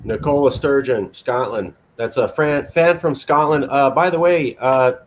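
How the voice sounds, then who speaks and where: A man's voice: medium pitch, unhurried, slight background noise. A man hosting an interview, chatting casually, joking, and giving his opinions. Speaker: interview host.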